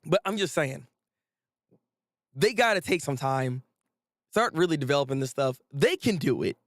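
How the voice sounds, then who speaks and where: A man's voice: fairly high pitch, moderate pace, dry recording, clean studio sound. A man hosting a casual anime commentary, ranting animatedly with frequent laughs and repeated phrases. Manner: animated, repetitive, laughs often, swears casually.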